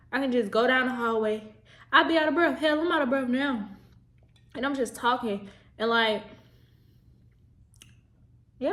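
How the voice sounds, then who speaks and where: A woman's voice: on the high side, fairly bright tone. A young adult woman vlogging in a casual, rambling chat to the camera, repeating herself and talking straight to her viewers. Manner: rambling, chatty, repeats herself, says "y'all".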